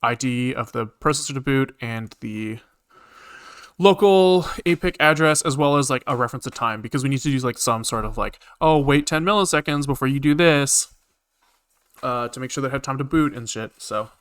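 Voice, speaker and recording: A man's voice: mid-range voice, a little fast, a bit bright, clear, resonant tone. A man streaming live coding, rambling casually with lots of fillers and the odd swear as he thinks aloud. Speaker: programming streamer.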